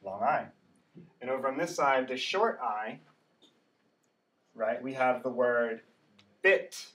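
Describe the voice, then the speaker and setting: A man's voice: mid-range voice, unhurried, a bit bright. A male English teacher running a classroom pronunciation drill, patiently saying words for the class to repeat and checking in with "right?". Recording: distant classroom recording.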